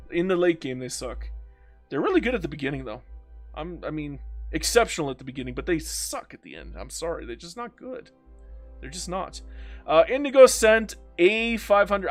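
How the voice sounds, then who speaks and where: A young Canadian man commenting playfully on a strategy game, reading chat and mock-scolding the game. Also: a little high. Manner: playful, theatrical, talks to the game. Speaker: gaming YouTuber. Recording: faint background music.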